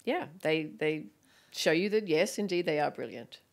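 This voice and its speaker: Woman, middle-aged, stage guest; low and gravelly, animated storyteller who acts out voices. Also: moderate pace. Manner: animated storyteller acting out quoted voices, laughing often. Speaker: guest author and film director. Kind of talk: stage conversation, anecdotal storytelling.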